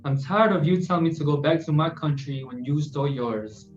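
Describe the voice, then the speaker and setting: A man reciting spoken word poetry in an earnest, measured way. His delivery stays steady and sincere. The recording sounds roomy and a bit dull. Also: a little high, faint music behind. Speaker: guest poet. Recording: roomy, muffled podcast audio.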